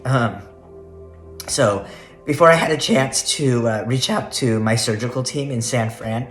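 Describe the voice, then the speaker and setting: A man's voice: medium pitch, unhurried, a bit bright. A man telling a story to the camera in a casual vlog, chatty and laughing often as he rambles. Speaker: vlogger. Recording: roomy echo, faint music.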